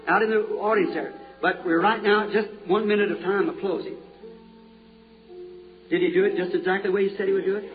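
A man's voice: high-pitched, phone-quality sound. Fervent preacher man on old tape. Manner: fervent, repeats questions to the crowd. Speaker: evangelist preacher. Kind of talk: healing revival sermon.

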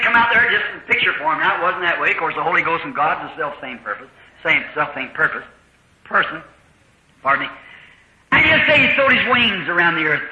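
High-voiced preacher shouting a revival sermon. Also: male voice, noisy background. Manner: folksy storytelling, swinging from low asides to shouted cries. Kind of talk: old-time revival sermon. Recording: dull old recording, roomy, with a crowd.

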